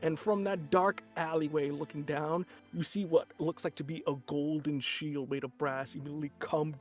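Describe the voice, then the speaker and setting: A man's voice: fairly high pitch, steady tone, moderate pace, soft background music. A man running a tabletop game as game master, narrating in a casual, rambling way.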